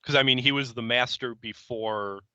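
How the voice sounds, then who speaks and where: A man co-hosting a podcast, talking in a wry, deadpan way with mock-formal phrasing. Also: medium pitch, moderate pace, clear, resonant tone, no echo, dull audio. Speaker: podcast co-host. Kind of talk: casual chat.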